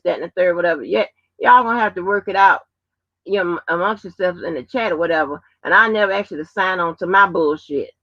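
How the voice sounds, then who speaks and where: A woman's voice: mid-range voice, no echo, muffled recording. A woman hosting a live stream in loose, profane casual chat, laughing and trailing off between points. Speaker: livestream host.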